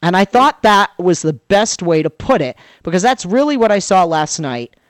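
A woman guesting on a talk-radio show, telling a story with big swings of pitch and acting out the voices of the people she quotes. Her voice sits in the middle of the female range. The sound is dry and close, with no room around it. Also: normal speed, no room sound. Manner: animated storyteller who acts out quoted dialogue. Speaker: political commentator, radio guest. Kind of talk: lively talk-radio commentary.

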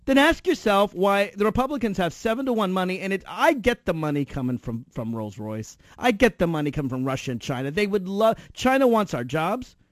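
Guy ranting sarcastically about politics, high voice swinging all over, dry close sound. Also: very animated, brisk, hardly any pauses, no echo. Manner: sarcastic, builds to loud outbursts. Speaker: political commentator. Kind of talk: animated satirical monologue.

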